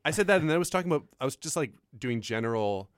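A man co-hosting a radio show, telling comedy stories in a casual, animated way and acting out quotes. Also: medium pitch, very fast, clear, resonant tone, no echo, clean studio sound. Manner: animated storytelling, acts out quotes.

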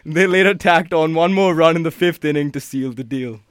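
A man with a fairly high voice reading a sports recap. He gets giggly and a bit nervous over tricky names. The sound is dry. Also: brisk, no room sound.

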